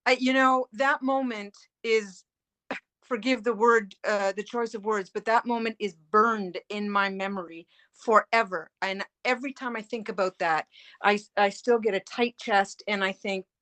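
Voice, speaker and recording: A middle-aged woman, a family caregiver, telling her story as a guest in earnest, animated detail with many fillers. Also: medium pitch, normal speed. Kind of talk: emotional personal storytelling.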